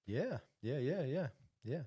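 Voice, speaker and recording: A man's voice: fairly high pitch, sing-song, takes it slowly, mellow, breathy edge. A man, co-hosting a casual podcast and telling a story with lots of fillers and restarts. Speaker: podcast co-host.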